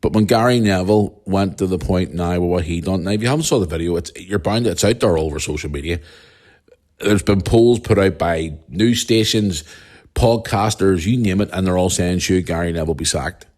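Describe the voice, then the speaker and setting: Angry low-voiced Northern Irish man ranting. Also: moderate pace, darkish tone. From Northern Ireland. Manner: angry, blunt, heavy swearing, ranting. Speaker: podcast host. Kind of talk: solo podcast rant.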